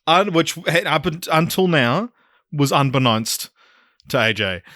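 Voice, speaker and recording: Bright-voiced chatty male podcaster. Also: fairly high pitch, animated, measured pace, dry recording, clean studio sound. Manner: chatty, laughs often, rambling. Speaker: podcast co-host. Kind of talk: casual chat.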